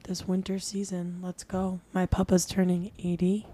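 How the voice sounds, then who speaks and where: A woman's voice: on the low side, monotone, moderate pace, dark tone. A woman in casual chat, talking in a chatty, interjecting way.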